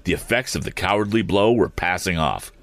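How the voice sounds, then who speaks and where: A man narrating an adventure story aloud at a steady pace, with small slips that he corrects as he goes. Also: deep voice, fairly quick. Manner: steady reading with occasional slips and restarts. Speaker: audiobook reader.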